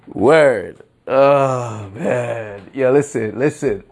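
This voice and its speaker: A man hosting his own solo podcast, talking in a loose, slangy, unhurried drawl. He sounds fed up with his listeners and breaks into mocking outbursts now and then. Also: lively intonation, a little mellow, slightly rough. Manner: slangy, exasperated, slow and drawn out with sudden high-pitched mock outbursts. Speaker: podcast host. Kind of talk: casual solo podcast commentary.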